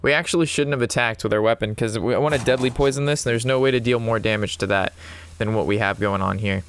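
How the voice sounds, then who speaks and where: A man's voice: medium pitch, fast, clean tone. Chatty young man commentating a card game. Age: 20s. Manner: rambling, chatty, swears and laughs often. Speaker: card game player commentating his own match. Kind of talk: casual gameplay commentary mixed with an anecdote.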